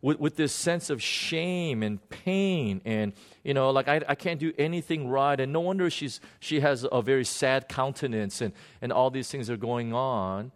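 Guy telling a church testimony story, earnest, keeps restarting his sentences, mid voice. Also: medium pitch. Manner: earnest, halting, many restarts and repeated words. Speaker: minister recounting a prayer session.

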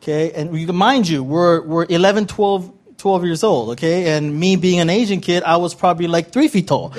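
A man's voice: high-pitched, measured pace, a little hiss or hum. A man preaching as a guest pastor, from Southern California, joking with the congregation and praying. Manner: playful, joking with the audience. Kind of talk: sermon.

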